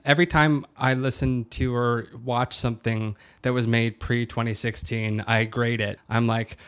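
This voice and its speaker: A man hosting an interview in a relaxed, chatty way, often affirming his guest. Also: mid-range voice, normal speed, smooth. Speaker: podcast host. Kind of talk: casual interview chat.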